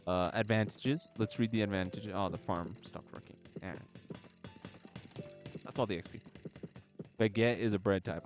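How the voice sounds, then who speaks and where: A male streamer talks casually over a game, his voice sitting a little low. He jokes and stumbles cheerfully as he reads text aloud. Soft music plays faintly in the background. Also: fairly even intonation, a little fast. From United States. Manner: chatty, joking, fumbles while reading aloud. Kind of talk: casual chat while gaming. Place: at home, gaming live. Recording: music playing faintly behind.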